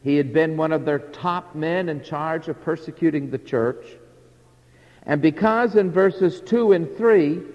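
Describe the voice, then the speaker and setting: A man preaching a sermon verse by verse, emphatic, acting out imagined objectors and swinging between loud and quiet. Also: a little high, in a large hall, dull audio. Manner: emphatic, acts out imagined speakers, rises and drops in volume.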